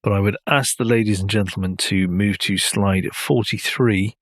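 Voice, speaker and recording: A man talks cars on a podcast in an easy, rambling way, chuckling as he goes. His voice sits on the low side. The sound is dry and close to the mic. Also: fairly even intonation, moderate pace, fairly bright tone, no echo. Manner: chatty, rambling, laughs often. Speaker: podcast co-host. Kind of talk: casual chat.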